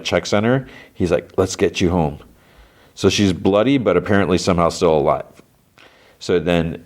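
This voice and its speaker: This recap of a TV episode comes from a man whose voice is very low, moving through it scene by scene in a relaxed, podcast-like way. Conversational throughout, he leans on "he's like" and restarts himself often.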